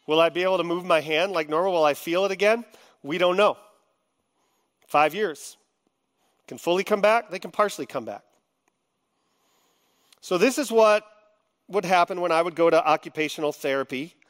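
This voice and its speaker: A middle-aged man preaching a sermon, heartfelt, moving between quiet confiding and loud, impassioned venting. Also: high voice, expressive, moderate pace, long pauses. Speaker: pastor.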